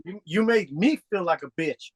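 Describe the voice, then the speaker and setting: A high-voiced man co-hosting a podcast, jumping in with loud, excited interruptions. He keeps the chat casual and rowdy, and his pitch sits well above that of most men. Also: normal speed, a loud crowd.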